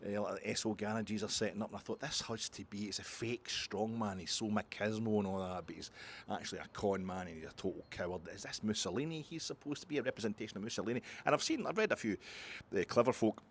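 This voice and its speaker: A man's voice: fairly low pitch, fast talker, a little hiss or hum. A Scottish man talking casually in a long rambling monologue, full of asides, restarts and swearing. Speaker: podcast host.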